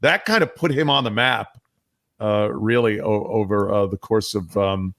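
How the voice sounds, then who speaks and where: A man's voice: lowish voice, moderate pace, a bit bright, no echo, studio quality. A man calling in as a podcast guest, telling loose stories with lots of fillers over a remote mic. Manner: loose anecdotal storytelling with many fillers. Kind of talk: casual podcast chat. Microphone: remote call-in mic.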